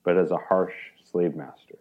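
Lowish-voiced man telling a story with animation. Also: normal speed, narrow, tinny audio. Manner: animated storyteller, acts out quoted speech, many "like"s. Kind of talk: conversational interview explaining a parable.

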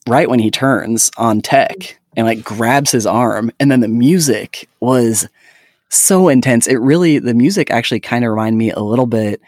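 A man's voice: mid-range voice, moderate pace, darkish tone, dry recording, clean studio sound. A man in his thirties co-hosting a podcast, chatting casually and gushing about a show with many fillers. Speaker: podcast co-host. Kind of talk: casual chat.

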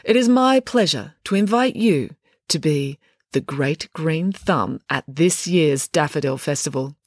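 A woman's voice: low-pitched, animated, measured pace, darkish tone, dry recording, clean studio sound. A woman voicing a pompous, vain middle-aged woman mayor with a grand, prickly manner.

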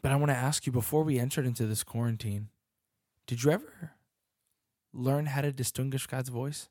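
A man's voice: medium pitch, moderate pace, a little mellow, no echo, clean studio sound. A young man giving an earnest sermon as a youth pastor and worship leader, often restarting his sentences as he searches for words.

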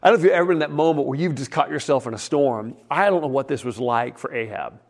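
A middle-aged man preaching a sermon in a folksy, animated way, acting out the quotes in his stories. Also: medium pitch, quick pace. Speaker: pastor. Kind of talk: sermon with storytelling.

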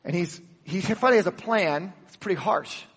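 High-voiced, animated preacher in a reverberant hall. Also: male voice, moderate pace, breathy edge. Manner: animated, emphatic preaching with sudden loud peaks and soft drops; acts out the dialogue of the Bible story. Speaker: pastor. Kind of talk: sermon.

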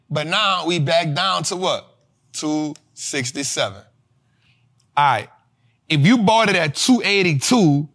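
Animated man teaching investing, slightly high voice. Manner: animated, talks straight to the audience, acts out students' voices. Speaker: investing teacher and show host. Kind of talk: live classroom lecture.

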